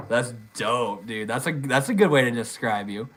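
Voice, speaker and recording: A man's voice: mid-range voice, moderate pace, few pauses, fairly bright tone, poor audio. Casting note: young male streamer, easygoing, talks to chat, drops dude and bro, recorded on a phone. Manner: laid-back, swears casually, says dude and bro a lot. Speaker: livestream host. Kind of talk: casual livestream chat reading comments. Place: outdoors in the desert.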